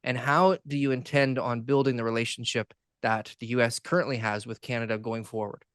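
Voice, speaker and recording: A man's voice: mid-range voice, flat delivery, brisk, a bit bright, clear, resonant tone, no echo, clean studio sound. A man co-hosting a casual podcast, laid-back and chatty, often laughing. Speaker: podcast co-host. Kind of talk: casual chat.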